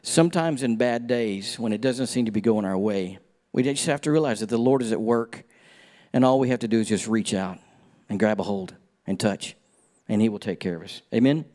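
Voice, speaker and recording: A man's voice: fairly low pitch, fairly quick, a little mellow. A middle-aged man preaching, telling a personal story and calling for amens from the congregation.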